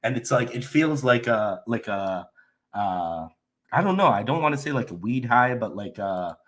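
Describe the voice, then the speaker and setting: Young male livestream host, sick and nasal with a slight cough, loose and rambling, mid-pitched voice. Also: moderate pace. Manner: loopy, relaxed, rambling with restarts. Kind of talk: casual livestream chat reading comments.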